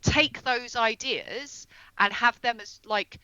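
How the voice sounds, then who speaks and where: Bright-voiced woman explaining astrology. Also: a little high, no room sound, muffled recording. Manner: explains earnestly, slows down on key terms. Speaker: astrologer guest on a comedy podcast. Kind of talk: casual podcast conversation.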